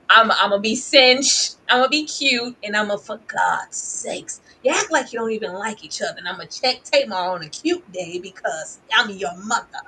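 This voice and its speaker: A woman's voice: mid-range voice, normal speed, pushed and bright, slight background noise, natural voice. A woman putting on a vain, self-assured older mother in a sassy voice. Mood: boastful.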